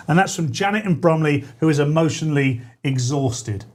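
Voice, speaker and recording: A man hosts a radio talk show in a playful, mock-earnest way, often breaking into laughter. His voice sits high for a man. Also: lively intonation, normal speed, few pauses, a little mellow. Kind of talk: comic radio banter. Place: radio studio.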